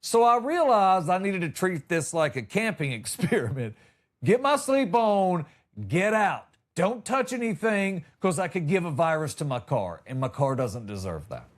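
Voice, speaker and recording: Male comic host, high voice that leaps around, drawling storyteller who plays every character himself. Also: normal speed, hardly any pauses. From Georgia, US. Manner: animated, drawling, acts out voices. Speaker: comedian host. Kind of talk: comedic storytelling.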